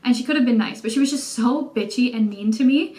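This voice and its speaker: A young woman with a Canadian accent tells a story in a loose, chatty way, dropping "like" often. Her voice sits a little high. She talks casually to her camera from indoors at home. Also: fast talker. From Canada, Toronto. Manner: chatty, animated storytelling, many "like" fillers. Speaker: vlogger.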